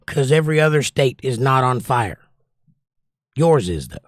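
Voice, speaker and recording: A man's voice: mid-range voice, lively intonation, moderate pace, no echo, studio quality. A man hosting a casual livestream, reading out viewer comments and answering them in an opinionated, sarcastic rant. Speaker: livestream host.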